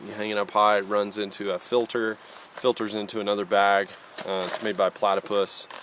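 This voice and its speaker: A man's voice: on the low side, background noise. A man vlogging casually from a mountain campsite, easygoing and folksy, a little out of breath from the altitude. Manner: easygoing, folksy, says y'all. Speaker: outdoor vlogger. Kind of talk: casual camping vlog.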